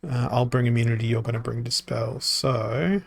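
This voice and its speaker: A man streaming a card game, thinking aloud in a halting, self-mocking way, his voice tired and worn from talking. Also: mid-range voice, fairly even intonation, gravelly. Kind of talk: casual live-stream commentary.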